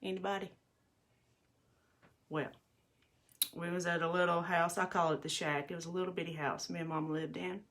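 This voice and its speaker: A woman's voice: fairly low pitch, little pitch movement, normal speed, long pauses, fairly bright tone. A middle-aged woman, telling stories in a rambling, chatty way to viewers while doing her makeup at home. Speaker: livestream host. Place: bathroom at home.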